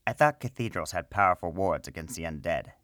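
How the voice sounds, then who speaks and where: A man's voice: low voice, expressive, brisk, fairly bright tone, dry recording, clean studio sound. A man voicing a curious, wary male gnome wizard in a storybook reading, asking probing questions. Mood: questioning.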